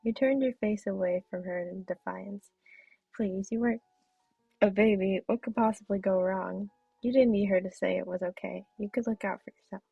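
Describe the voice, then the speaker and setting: Woman streamer, husky and gravelly, narrating a game steadily; tinny dry mic. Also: mid-range voice, moderate pace, no room sound, faint music behind. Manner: steady reading with small self-corrections. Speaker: streamer playing a visual novel. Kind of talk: reading game narration aloud.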